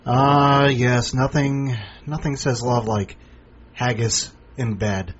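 A man's voice: mid-range voice, expressive, unhurried, a little hiss or hum. A man hosting a podcast, introducing contributors with rambling, sarcastic jokes. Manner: rambling, jokey, sarcastic asides. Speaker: podcast host. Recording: dull lo-fi recording.

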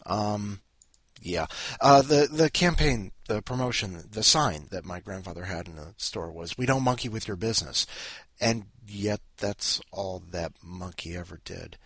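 A man's voice: low voice, a little slow, a bit bright, breathy edge, no room sound. A man hosting a podcast in a rambling, self-interrupting way with wry asides. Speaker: podcast host. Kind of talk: rambling casual chat.

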